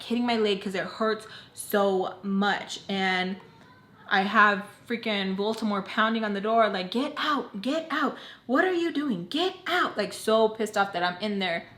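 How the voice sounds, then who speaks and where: A woman's voice: medium pitch, a bit bright. A young woman telling a personal story casually as a vlogger, filling her speech with "like", talking straight to her viewers and slipping in Spanish words. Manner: chatty, heavy use of "like", addresses "you guys". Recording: echoey room.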